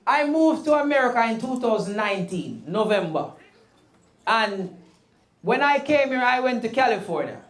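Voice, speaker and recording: A Jamaican woman doing animated stand-up storytelling in patois on a comedy stage. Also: fairly high pitch, moderate pace, soft background music. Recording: live crowd laughing.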